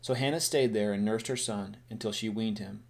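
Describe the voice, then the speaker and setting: A man's voice: fairly low pitch, fairly even intonation, a little fast, gravelly, darkish tone. A man reading a scripture passage aloud and explaining it in a plain, conversational sermon, often restarting his sentences. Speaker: preacher.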